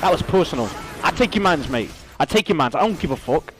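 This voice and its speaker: A young man talks over his gameplay in a high, bouncy voice that swoops up and down. His chatter is crude and excitable, and he breaks into sudden shouts. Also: quick pace. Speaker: streamer. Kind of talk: casual gaming stream chatter.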